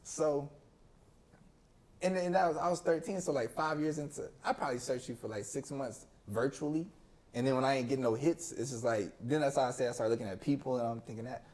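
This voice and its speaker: A man's voice: mid-range voice, brisk. Young man telling a story with slang. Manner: animated storytelling with slang, acting out quoted people. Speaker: podcast guest. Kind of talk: casual chat.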